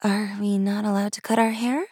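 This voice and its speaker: A woman reading the part of a naive young princess who is new to human society, speaking softly and earnestly. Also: medium pitch, steady tone, normal speed, breathy edge, no echo, studio quality. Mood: curious.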